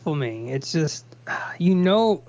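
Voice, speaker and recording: A halting, sighing man on a muffled call. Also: a little high, big pitch swings, darkish tone, dry recording. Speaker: co-host. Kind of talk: casual livestream chat. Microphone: online call.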